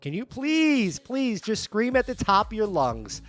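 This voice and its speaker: Excitable, animated male live streamer. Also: high voice, unhurried. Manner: excitable, stammering restarts. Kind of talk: casual live stream chat.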